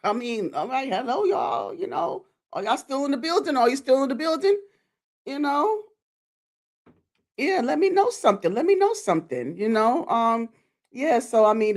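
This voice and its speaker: A woman content creator hosting a live stream, talking directly to her viewers in a chatty, animated way. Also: low voice. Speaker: YouTube content creator celebrating her channel anniversary.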